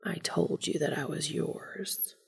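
A hushed, formal male creature speaks of devotion in a low, slow murmur, as a woman reading aloud puts him on. His tone is calm and possessive, with a gravelly rasp underneath. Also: dry recording, studio quality, full character voice. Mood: hushed, tender. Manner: soft, formal, murmuring near a whisper.

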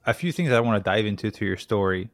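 A man hosting a podcast, chatting in a relaxed, encouraging way with a slight lisp. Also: fairly low pitch, fast, dry recording, studio quality. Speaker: podcast host. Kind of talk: casual interview.

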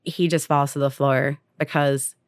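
Low-voiced young woman telling a story. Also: steady tone, unhurried, no echo, studio quality. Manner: retells a story with lots of "like" and acted quotes. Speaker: podcast storyteller. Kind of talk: casual storytelling chat.

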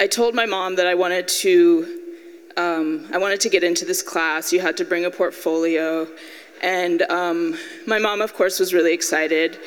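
A woman's voice: medium pitch, clear, resonant tone, in a large hall, rough recording. A young woman giving a talk to an audience as an artist, telling a personal story and acting out the voices in it. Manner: animated, acts out voices in her story, laughs at herself.

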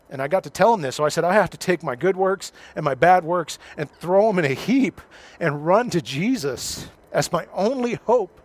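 A middle-aged male pastor preaching a sermon, telling a personal story with self-deprecating humor. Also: fairly high pitch.

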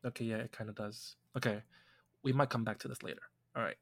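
A man's voice: fairly low pitch, steady tone, fast talker, creaky, a bit bright. A young man co-hosting a podcast, chatting casually and teasing his co-host with frequent laughter. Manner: joking, teasing, laughs often. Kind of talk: casual chat.

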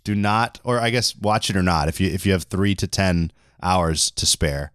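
A man with a low voice hosts a casual podcast, talking in a halting way and repeating words. The recording is dry and close. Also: fairly bright tone, clean tone, no room sound. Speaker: podcast host.

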